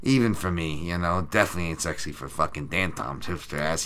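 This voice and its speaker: A man's voice: a bass voice, expressive, quick pace, hardly any pauses, a bit bright. A man hosting a betting show, giving sarcastic, profane commentary on upcoming fights. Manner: crude, profane, sarcastic banter. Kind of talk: sports betting podcast commentary.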